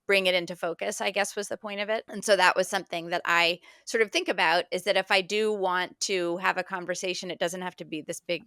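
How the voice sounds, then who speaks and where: Woman podcast host, casual chat, chatty asides, bright voice, dry close sound. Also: lowish voice, fairly even intonation, clear, resonant tone, dry recording. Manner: chatty, quick asides and frequent "like".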